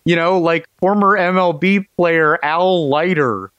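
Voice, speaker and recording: A man's voice: high voice, steady tone, a little slow, hardly any pauses, a bit bright, smooth, no echo, studio quality. A man hosting a casual podcast chat, telling stories in a wry, rambling way. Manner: wry, rambling storytelling with frequent laughs.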